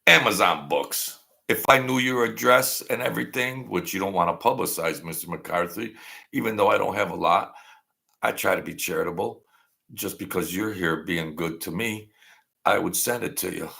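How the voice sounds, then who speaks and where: Rambling through a casual livestream, a sixty-something male host is by turns sentimental and joking. He speaks at a normal speed in a low, creaky, bright voice with a forceful tone.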